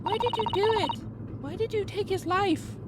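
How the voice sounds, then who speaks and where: Susato, a man doing a high earnest young woman. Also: moderate pace, heavy background noise. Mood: shocked. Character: young Japanese woman assistant, earnest and upset. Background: loud game music.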